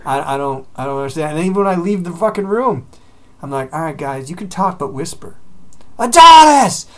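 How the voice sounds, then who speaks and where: A man's voice: on the high side, quick pace. A man in his thirties chatting casually as a co-host, swearing often and telling exasperated stories. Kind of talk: casual chat.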